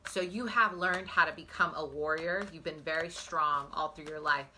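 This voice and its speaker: A woman's voice: low voice, moderate pace, sharp tone, slight background noise. A woman giving a pick-a-card psychic reading on her phone, talking earnestly and emotionally straight to her viewers. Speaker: psychic tarot reader.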